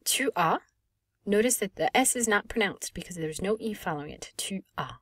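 Lively-voiced woman teaching French. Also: medium pitch, a little fast, no echo, clean studio sound. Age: 30s. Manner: clear, patient explaining with lively emphasis. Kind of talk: recorded language lesson.

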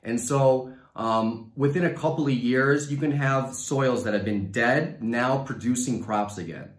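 A man's voice: mid-range voice, measured pace. Enthusiastic Mexican-accented man, echoey stage. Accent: Mexican Spanish. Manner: enthusiastic, upbeat. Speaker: science communication finalist. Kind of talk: science talk and audience Q&A.

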